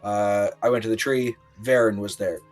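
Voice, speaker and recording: A man recapping a tabletop game session in a rambling, halting way with lots of fillers, acting out quotes. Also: fairly low pitch, steady tone, faint music behind. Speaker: player recapping the last session.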